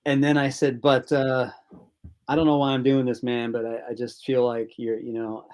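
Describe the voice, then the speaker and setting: Man, director being interviewed, casual storytelling, mid-pitched voice, loose rambling delivery. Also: monotone, moderate pace, darkish tone, clean tone. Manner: rambling anecdotes with acted-out quotes. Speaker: film director, interview guest.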